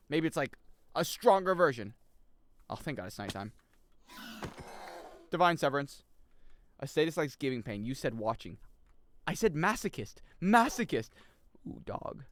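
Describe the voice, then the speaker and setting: A man's voice: mid-range voice, no room sound. A man streaming a video game, chatting with viewers and joking as he plays. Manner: excitable, jokey, reacts loudly and reads chat aloud. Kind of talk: live gaming commentary.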